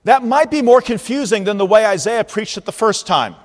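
A male pastor preaching a sermon, animated and at times shouting out calls for attention. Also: high-pitched, a little fast. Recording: long reverb of a large hall.

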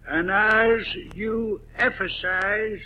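A man preaching a sermon, deliberately stressing single words, with frequent "uh" pauses. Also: high voice, fairly even intonation, sharp tone, rough recording.

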